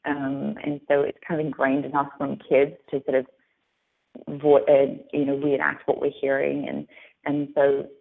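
An actress, young and speaking with an Australian accent blended with American, chats upbeat in a phone interview, using lots of fillers. Her voice is extremely low, monotone and creaky at a measured pace, heard over a tinny phone line.

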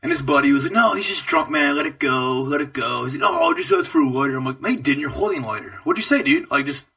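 A young male podcast co-host, far from the mic, talks fast while telling a long story. His casual storytelling is loose, profane, and energetic, with swooping pitch.

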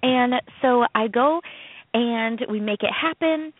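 A woman's voice: on the high side, takes it slowly, dry recording. Chatty woman on tinny radio line. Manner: animated storytelling with quoted voices. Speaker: co-host, comedian. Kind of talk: casual radio chat. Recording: tinny phone-like radio sound.

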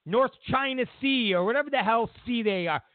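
A man's voice: extremely high pitch, animated, fairly quick, no room sound. A man hosting a political talk show, ranting and mocking as he acts out quotes. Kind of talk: opinionated political commentary. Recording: tinny narrowband audio.

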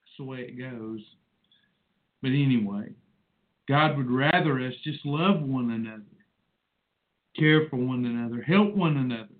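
A man's voice: medium pitch, unhurried, long pauses. A man in his forties hosting a rambling personal monologue, emotional and preachy in manner. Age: 40s. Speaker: host. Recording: tinny phone-like sound.

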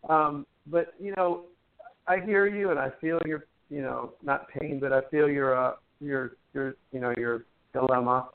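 A man guest on a talk show, gently explaining breath and meditation in a chatty, teacherly way with playful jokes. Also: mid-range voice, fairly even intonation, unhurried, smooth. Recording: tinny phone line.

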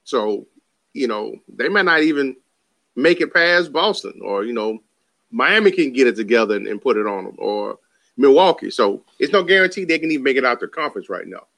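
A man's voice: mid-range voice, brisk, gravelly. A man co-hosting a casual basketball podcast, talking loosely with lots of "you know" fillers. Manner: relaxed, filler-heavy talk with frequent "you know". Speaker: podcast co-host.

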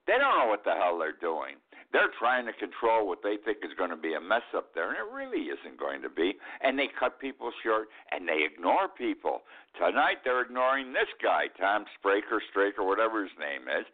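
A man's voice: on the low side, sing-song, moderate pace. Indignant man in his eighties, tinny line. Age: 80s. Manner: rambling, indignant, repeats himself. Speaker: host. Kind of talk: opinionated political commentary.

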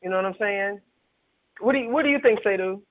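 A woman's voice: mid-range voice, fast talker. A woman hosting a radio panel discussion by phone. She rambles, with many fillers and restarts. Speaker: panel host. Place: on a phone call. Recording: tinny phone line.

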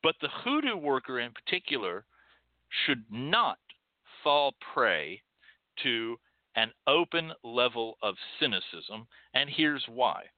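A podcast host with a Texan accent delivers an opinionated monologue in a mid-range, sing-song voice at a slow pace, with no room sound but a tinny, phone-like line. He is emphatic and scolding, mocking others through quoted voices.

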